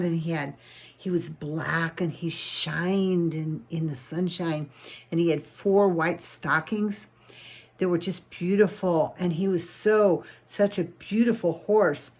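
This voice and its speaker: A woman's voice: lowish voice, darkish tone. A woman narrating a children's story in a folksy, homespun way, often restarting her phrases.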